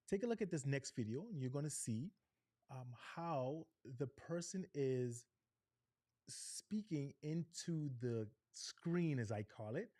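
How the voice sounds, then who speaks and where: Animated male presentation coach. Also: no room sound, studio quality. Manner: animated, varies pitch and pace on purpose, frequent "right?" tags. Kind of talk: live online workshop teaching.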